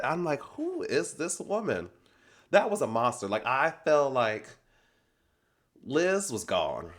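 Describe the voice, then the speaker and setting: A man giving a casual reality TV recap in an animated, sassy, slangy way. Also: on the low side, measured pace.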